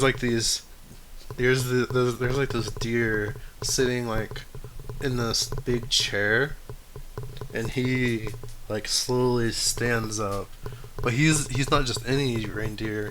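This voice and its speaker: A man's voice: medium pitch, fairly bright tone, slight background noise. A man as game master, narrating a tabletop game in a casual, rambling way with many restarts.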